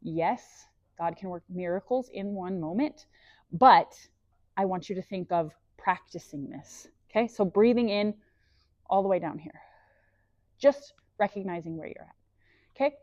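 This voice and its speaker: Upbeat woman coaching slow breathing. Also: on the low side, darkish tone, no room sound, lo-fi sound. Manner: enthusiastic, encouraging, faith-based coaching. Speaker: breathwork instructor. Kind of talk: guided breathing lesson. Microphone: clip-on microphone.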